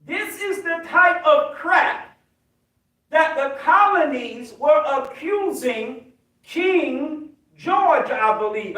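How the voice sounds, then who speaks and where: A high-voiced American man preaches slowly and deliberately, calling out to his congregation and building to shouts. He sounds far from the mic in a very echoey hall. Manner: emphatic, preaching, rising to shouts. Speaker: minister. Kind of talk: sermon with call and response.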